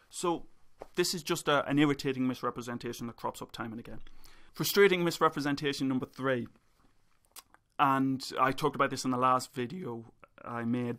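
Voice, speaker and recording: A man's voice: mid-range voice, fairly bright tone. A male academic presenting a spoken video essay, ranting with sarcastic asides.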